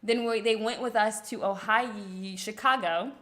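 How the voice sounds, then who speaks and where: A woman's voice: on the high side, moderate pace, a bit bright. A woman co-hosting a casual livestream in a friendly, upbeat way, thanking viewers and laughing often. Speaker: co-host of a couple's livestream. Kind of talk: casual live chat.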